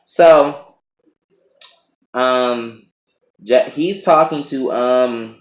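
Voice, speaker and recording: A man casually recapping and reviewing a TV episode, blunt and profane. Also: medium pitch. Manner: animated, blunt, profane, chatty. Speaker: TV review vlogger. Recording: roomy echo.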